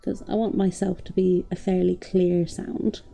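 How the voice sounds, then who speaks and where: A woman's voice: fairly low pitch, level tone, measured pace, vocal fry, warm tone. A woman streaming while she draws, thinking aloud, humming and laughing at her own puns, in casual live-stream chat. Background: faint music.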